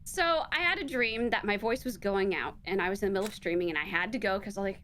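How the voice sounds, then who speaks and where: A woman's voice: mid-range voice, quick pace, few pauses, fairly bright tone, slight background noise. A woman streaming a game with a friend in playful casual chat, swearing freely and joking. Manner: playful, swears casually, acts out quotes in a whisper.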